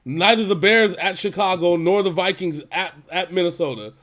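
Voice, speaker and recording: A man co-hosting a casual football talk show, exasperated and swearing freely, breaking into quick laughs. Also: high-pitched, fairly bright tone. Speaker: podcast co-host. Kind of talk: casual sports chat.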